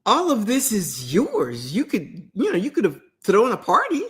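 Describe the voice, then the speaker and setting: A woman voicing a loving older father, reasoning gently with his son in a retold parable. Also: mid-range voice, huge pitch swings, normal speed, pitched above the performer's own voice.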